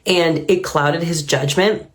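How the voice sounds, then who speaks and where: A woman's voice: fairly low pitch, fairly even intonation, slow. A woman hosting a reaction video, musing earnestly and reflectively on a clip she has just watched. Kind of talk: reaction commentary.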